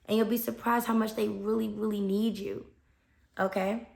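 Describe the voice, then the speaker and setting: A young American woman, a fifth grade teacher, giving casual animated advice on her podcast with frequent "okay?" check-ins. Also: medium pitch, moderate pace, gravelly. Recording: echoey room.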